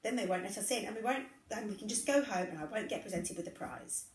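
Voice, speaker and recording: A woman's voice: medium pitch, fast, roomy sound, close to an everyday voice. An anxious young boy, as a woman reads him. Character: boy worried about being caught cheating, anxious. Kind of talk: reading a story aloud.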